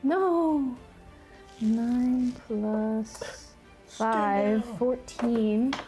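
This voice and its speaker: Slow-talking high-voiced woman player. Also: music in the background. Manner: playful, giggly. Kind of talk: casual tabletop play.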